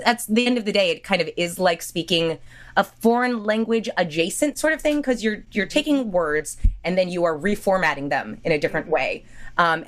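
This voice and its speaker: Woman voice actor, casual guest chat, lively swooping delivery, laughs easily. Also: fairly low pitch. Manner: animated, laughing, chatty with restarts. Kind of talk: casual podcast discussion.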